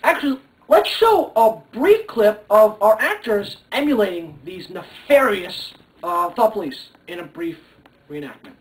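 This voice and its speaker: A man's voice: sits high, animated, unhurried. A young man hosting a mock talk show, hammy and sarcastic with filler hesitations. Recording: distant mic.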